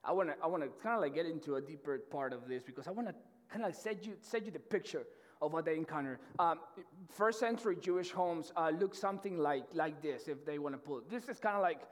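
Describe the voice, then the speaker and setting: A man's voice: on the high side, animated, quick pace. A man preaching a casual sermon to college students, talking in a loose, slangy way with lots of restarts and a habit of asking "right?" to the crowd. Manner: conversational and slangy, with many restarts and repeated "right?". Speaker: pastor. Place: church auditorium. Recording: long reverb of a large hall.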